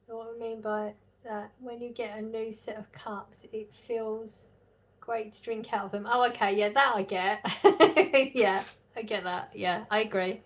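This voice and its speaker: A woman's voice: mid-range voice, little pitch movement, moderate pace. A woman hosting a casual live stream, reading chat messages aloud, chatting and laughing often. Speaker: livestream host reading chat.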